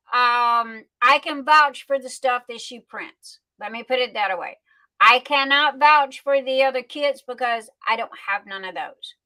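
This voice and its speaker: A woman's voice: on the high side, pushed and bright, rough recording. A woman hosting a livestream, chatty and affectionate in her talk. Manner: chatty, affectionate, folksy Southern phrasing. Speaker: livestream host. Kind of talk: casual livestream chat.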